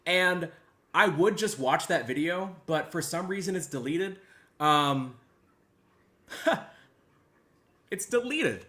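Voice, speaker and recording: A man hosting a livestream, mock-emotional, jumping between loud outbursts and hushed mumbling. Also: on the high side, a little slow. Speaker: host. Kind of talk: livestream commentary.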